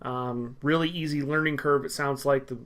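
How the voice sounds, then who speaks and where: A man's voice: mid-range voice, steady tone, normal speed, a bit bright. A man hosting a casual podcast chat, loose and joking, with lots of fillers. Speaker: podcast host.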